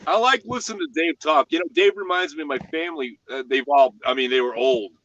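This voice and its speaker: Bright-voiced, excitable American man. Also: on the high side, dull audio. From United States. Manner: excitable, repeats himself, halting restarts. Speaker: panel member. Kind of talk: casual chat on a livestream panel.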